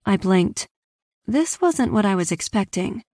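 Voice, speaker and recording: A woman with a mid-range voice reads at a measured pace. It's a first-person romance audiobook in clean studio sound with no echo. Her telling is even and engaged, and the spoken lines get a lively lift.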